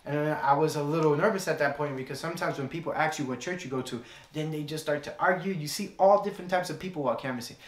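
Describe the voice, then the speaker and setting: A man's voice: a little high, quick pace, hardly any pauses, reverberant. A young man preaching a sermon, telling a personal story in an earnest way and repeating key phrases.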